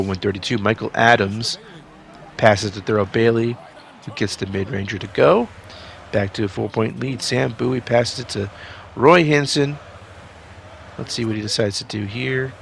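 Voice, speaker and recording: A young man giving excited play-by-play commentary on a simulated basketball season, jumping to near-shouts on big plays and dropping to low asides. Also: creaky. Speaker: sports sim video commentator.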